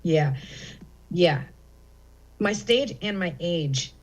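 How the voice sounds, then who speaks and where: A woman's voice: fairly low pitch, lively intonation, very slow, slightly rough, low-quality recording. Candid, rambling middle-aged woman comedian. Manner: candid, rambling with many fillers. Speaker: comedian guest. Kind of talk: casual interview chat. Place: comedy theater.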